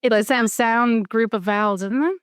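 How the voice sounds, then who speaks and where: Woman, Irish accent, podcast host, chatty, curious, smooth clear voice, dry close sound. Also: fairly high pitch, dry recording. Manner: chatty, curious, quick to laugh. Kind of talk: casual conversational interview.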